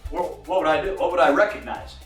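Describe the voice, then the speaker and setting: A man's voice: on the high side, fast talker, distant mic. Older man barking snap counts, echoey. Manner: animated, shouting snap counts and cadences; profane, drill-sergeant bark. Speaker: football coach. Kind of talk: coaching session. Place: film room. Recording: echoey room, mic from afar, faint music.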